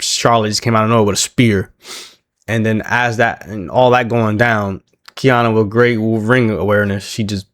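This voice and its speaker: Male recap host, low-pitched, dry close sound, laughs a lot while retelling. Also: dry recording. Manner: laughs often, animated retelling with quoted voices. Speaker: wrestling recap reviewer. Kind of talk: casual recap commentary.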